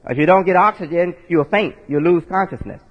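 High-pitched and brisk, a male preacher teaches in a folksy sermon style. He spells words out, checks in with his listeners often and throws in rhetorical asides that finish with "right?". The lo-fi recording is dull and has long hall reverb.

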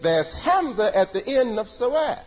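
A man with a very high, husky voice delivers an emphatic religious lecture, repeating his points in a preaching cadence. His pitch swings widely, and the sound carries a long hall echo. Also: sing-song, normal speed, dull audio. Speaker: religious teacher. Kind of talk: sermon-style lecture.

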